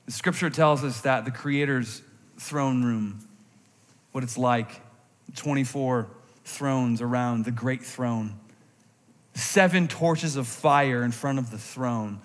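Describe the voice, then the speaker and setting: A man preaching a sermon in a church, animated, moving between intense emphasis and quiet reflective moments. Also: mid-range voice, takes it slowly. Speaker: pastor. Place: church sanctuary. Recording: long hall reverb from a church sanctuary.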